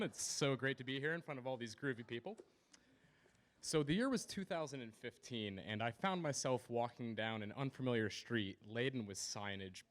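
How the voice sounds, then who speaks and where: Young male storyteller on a small stage, average pitch, measured descriptive delivery. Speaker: storyteller at a community event. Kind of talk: live personal storytelling.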